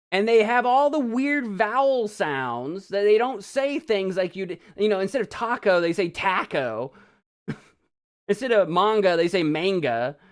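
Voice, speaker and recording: Lively, rambling American man streaming. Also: on the high side, clear, resonant tone. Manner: rambling, giggly, reads viewer comments aloud. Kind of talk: casual live-stream chat.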